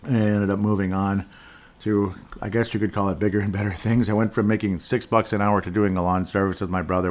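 A middle-aged man hosting a casual solo sports talk podcast, rambling and digressive with jokes, often clearing his throat. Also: fairly low pitch, a little mellow. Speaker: podcast host.

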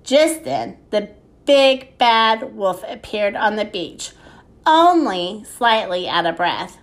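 Unhurried woman reading a children's story. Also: mid-range voice, expressive. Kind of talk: children's story read aloud.

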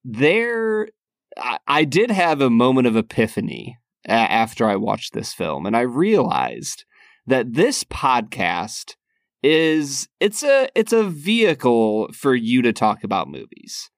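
A man co-hosts a podcast with a teasing, deliberate delivery and a lively, shifting pitch. The recording is dry and close. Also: no echo. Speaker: podcast co-host. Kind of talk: casual chat.

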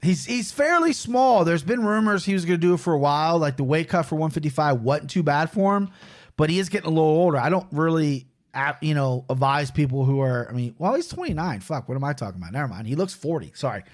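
A man's voice: fairly high pitch, animated, fast talker. Rambling, foul-mouthed male podcast host. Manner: loose, swearing, rambling, self-mocking. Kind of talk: casual chat about fight picks.

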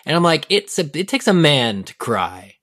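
A man's voice: a little high, very animated, normal speed, a bit bright, dry recording. A man co-hosting a podcast, enthusiastic and casually swearing as he acts out book quotes. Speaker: podcast co-host. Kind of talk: casual book-discussion chat.

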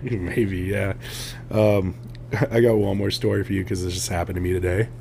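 A man's voice: low voice, normal speed, vocal fry, a little hiss or hum. Laughing young man telling stories. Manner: laughs often, animated storytelling with voiced quotes. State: tired, drowsy. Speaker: podcast co-host. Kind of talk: casual podcast chat.

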